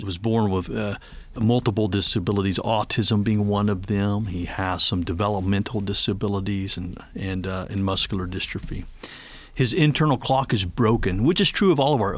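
A middle-aged man, a ministry leader and guest on a faith radio interview, speaking earnestly and tenderly, slowing down when he prays aloud. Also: lowish voice.

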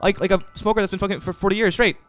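A young man rambling and yelling crude jokes while streaming a game. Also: high-pitched, fairly even intonation, racing, soft background music. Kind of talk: gameplay commentary.

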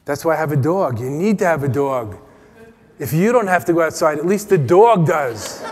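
An American man giving a playful, teasing meditation talk at a retreat, his voice dropping to soft, quiet tones. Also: fairly high pitch, expressive, normal speed, a little hiss or hum. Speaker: meditation teacher. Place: retreat meeting hall. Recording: long hall reverb.

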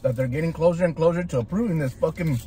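A man's voice: fairly high pitch, quick pace. A man, chatting in a car as a food vlogger, ranting with slang, swearing and Spanish asides. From Southern California. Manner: animated, slangy, switches into Spanish. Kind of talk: profane ranting chat while eating. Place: inside a parked car.

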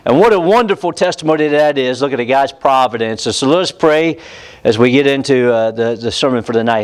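A man's voice: mid-range voice, a little fast. A man, a pastor praying and preaching in a folksy way with many fillers and restarts. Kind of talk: sermon and prayer.

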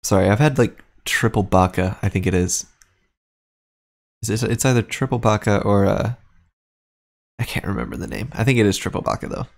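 A man's voice: fairly low pitch, moderate pace, creaky, pauses often. A man streaming a horror game, chatting casually and reacting aloud as he plays, swearing now and then. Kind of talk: casual gameplay commentary.

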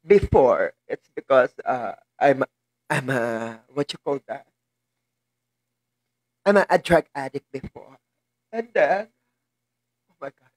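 A Filipino-accented woman vlogging in casual chat, tearful and emotional, talking haltingly and laughing through her tears. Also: extremely low pitch, lively intonation, no room sound.

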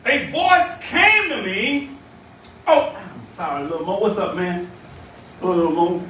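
Bishop preaching, very high bright voice, booming hall echo, mic far off. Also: male voice, lively intonation, a little slow, a little hiss or hum. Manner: shouting, call-and-response preaching. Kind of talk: sermon. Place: church sanctuary. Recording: echoey church room, distant mic.

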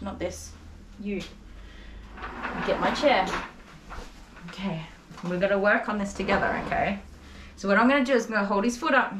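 A young woman dog groomer talking gently and coaxingly to a nervous dog while she works, openly emotional and tender. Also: mid-range voice. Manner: gentle, coaxing, soft-spoken. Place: grooming salon, indoors. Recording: clipper buzz and background noise.

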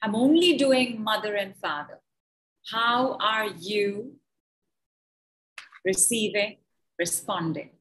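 Woman, healer, slow deliberate delivery, soothing guided talk. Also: mid-range voice, fairly bright tone, a little hiss or hum, low-quality recording. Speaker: healer and guest speaker. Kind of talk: guided healing session and talk.

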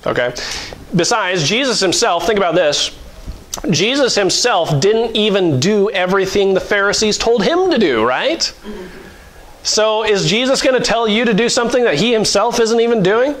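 A man's voice: sits high, animated, normal speed, fairly bright tone, poor audio. A middle-aged male pastor preaching a sermon in a conversational way, with mock-voiced asides and chuckles.

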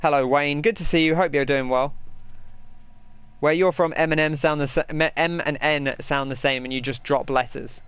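A man's voice: fairly high pitch, fairly even intonation, normal speed, fairly bright tone, smooth, dry recording. A young man giving casual, rambling commentary while he plays a game and answers viewers' chat. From England. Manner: chatty, rambling, reads chat aloud. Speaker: gaming streamer.

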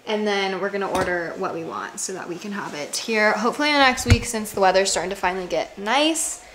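A woman's voice: medium pitch, fast. A young woman in her twenties chatting candidly in a home vlog, sore from a workout, swearing casually. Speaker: vlogger. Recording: echoey room with clear background noise.

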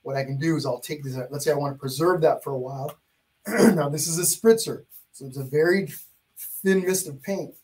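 Guy teaching painting live, chatty, kinda husky voice, bit high. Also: moderate pace, darkish tone. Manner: chatty, greets viewers by name. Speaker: painting instructor. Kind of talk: live-streamed painting lesson.

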